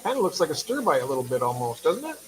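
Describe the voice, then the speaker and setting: A man's voice: medium pitch, sing-song, rapid-fire, slight background noise, low-quality recording. A man hosting a casual livestream, chatty and affectionate, reading viewer comments aloud and sounding tired. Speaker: livestream host.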